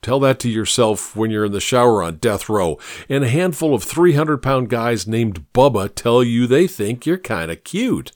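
A man playing a no-nonsense best friend in an audiobook, blunt and matter-of-fact with a dry sarcastic edge. His lively voice moves up and down, recorded close and dry. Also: mid-range voice, moderate pace, no room sound, lightly acted.

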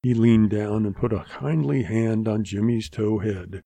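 A man narrating a western story in a measured, deliberate reading voice. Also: lowish voice, fairly even intonation, vocal fry, mellow, no room sound.

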